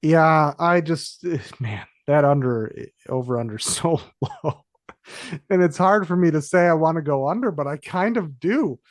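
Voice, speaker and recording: A man's voice: a little high, lively intonation, unhurried, no room sound, clean studio sound. A man co-hosting a sports podcast, talking through picks in a rambling, casual way with fillers and self-corrections. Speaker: podcast co-host. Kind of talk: casual sports betting chat.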